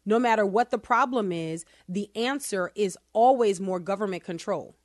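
A woman hosting a casual opinion podcast, her voice sitting mid-range and close to the mic in a dry, dead room. She talks fast through figures, then slows hard on key words, dropping in sarcastic asides as she goes. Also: medium pitch, no echo. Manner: animated, sarcastic asides, quick bursts then slow emphasis. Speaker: podcast host.

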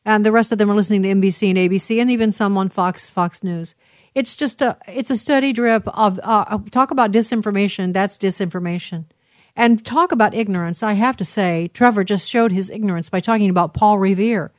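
A talk show host rambles through commentary on news clips, often pausing and restarting. She is a woman with a mid-range voice, and the recording is dry with no room sound. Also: mid-range voice, no echo. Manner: rambling, many fillers and restarts.

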